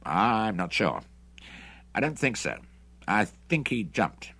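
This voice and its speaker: A man voicing a calm, cautious male officer who speaks quietly and measured. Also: lowish voice, gravelly, voice pushed up, heavily acted.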